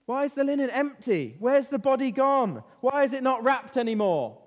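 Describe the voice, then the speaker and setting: A man leading an interactive Bible lesson for children, lively and constantly asking them questions. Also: very high-pitched, moderate pace. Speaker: children's talk leader. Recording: reverberant hall.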